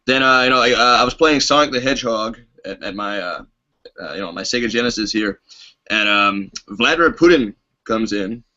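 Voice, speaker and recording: A man hesitantly telling a comic story, stumbling through ums and uhs in a bright, tense voice. The sound is dull and muffled, like video call audio. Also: lowish voice, animated, a little fast. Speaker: guest.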